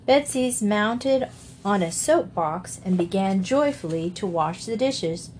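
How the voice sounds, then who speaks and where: A woman narrating a classic children's novel in a steady, measured reading voice. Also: mid-range voice, slight background noise. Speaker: audiobook narrator. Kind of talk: storybook narration.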